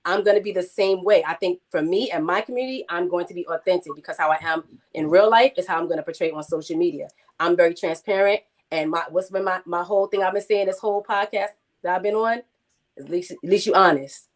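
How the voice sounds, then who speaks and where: A woman's voice: on the low side, fast talker. A woman with a New York accent, speaking outspokenly and emphatically in a casual podcast discussion.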